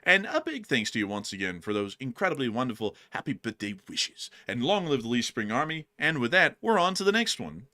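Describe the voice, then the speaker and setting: A man's voice: mid-range voice, sing-song, brisk, few pauses, sharp tone. A man co-hosting a casual livestream, jokey and laughing often, thanking viewers. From Utah, United States. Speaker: livestream co-host.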